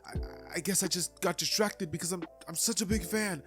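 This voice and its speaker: A man putting on a high, bright-voiced teenage boy from a storybook-style anime retelling, nerdy and easily flustered. He trips over his words and keeps apologizing. Music plays clearly underneath. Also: normal speed. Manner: stammering, apologetic babbling.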